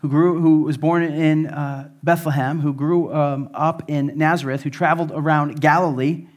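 A man's voice: fairly high pitch, steady tone, moderate pace. A man preaching a sermon as pastor to his congregation in the room and online, earnest, with rising emphasis and frequent fillers. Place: church service, also streamed online.

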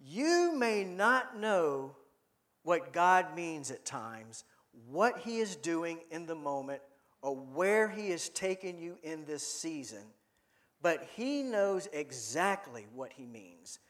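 A man's voice: on the high side, sing-song, takes it slowly, fairly bright tone. A man preaching a sermon in a conversational way, often asking his listeners questions and repeating words as he thinks aloud.

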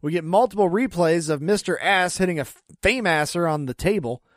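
A man's voice: high-pitched, a little fast, dry recording, clean studio sound. A man co-hosting a podcast in casual chat, chatty and often laughing. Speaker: podcast co-host.

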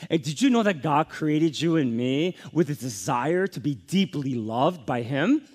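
A man in his forties preaching a sermon as a pastor. His delivery is emphatic, dropping to soft lows and then climbing to energetic peaks. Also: unhurried, hardly any pauses.

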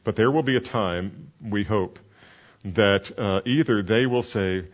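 A man's voice: fairly low pitch, measured pace, muffled recording. A man who is a pastor and counseling mentor, teaching a class in an earnest, conversational way with many fillers.

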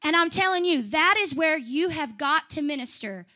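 Fiery young woman preacher, high bright voice. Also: expressive, moderate pace. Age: young adult. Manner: fiery, rising to shouts then dropping to chatty asides. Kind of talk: sermon.

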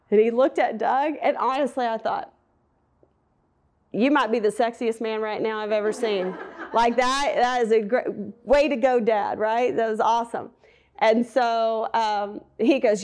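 Middle-aged woman preacher, slightly high voice, chatty storytelling sermon delivery. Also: fairly even intonation, normal speed. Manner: storytelling, southern "y'all", conversational with fillers.

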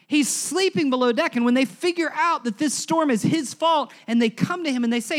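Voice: sits high, a little fast. Conversational pastor preaching with punchy emphasis. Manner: emphatic, conversational, rhetorical questions and humorous asides. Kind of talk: sermon.

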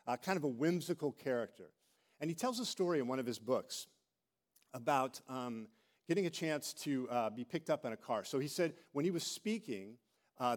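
Speaking in a mid-range voice, a middle-aged man preaches as a pastor. His storytelling is animated, and he acts out the quoted voices.

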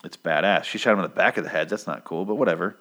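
Man, very low voice, casual profane recap vlogger, rambling delivery. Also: rapid-fire, pushed and bright. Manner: rambling, profane, lots of ums. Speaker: comic book recap vlogger.

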